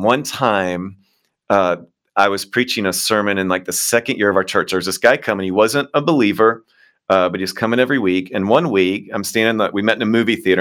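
A man from Kentucky speaks as a pastor being interviewed. His voice sits on the lower side, and he reflects earnestly on his work. He tells his stories with easy humor. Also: fairly bright tone. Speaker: lead pastor and guest. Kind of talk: storytelling interview answers.

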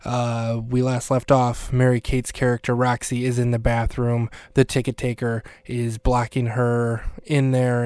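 Wry, flat-voiced podcast host man. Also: mid-range voice, clear, resonant tone, dry recording. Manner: wry, deadpan asides. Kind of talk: casual recap commentary.

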